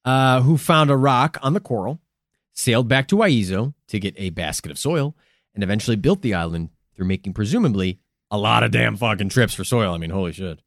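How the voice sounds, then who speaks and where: A man's voice: on the low side, animated, a little fast, no echo. A playful, foul-mouthed man hosting a comedy podcast about history. His voice swings widely up and down as he jokes. The sound is dry and close, with no room around it. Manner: crude, profane, playful narration with silly vocal asides. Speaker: podcast co-host.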